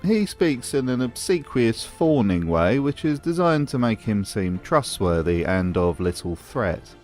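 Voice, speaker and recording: A man's voice: medium pitch, big pitch swings, a little slow, darkish tone, soft background music. Dry, mocking male commentator. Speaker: video essay host. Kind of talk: scripted commentary voice-over.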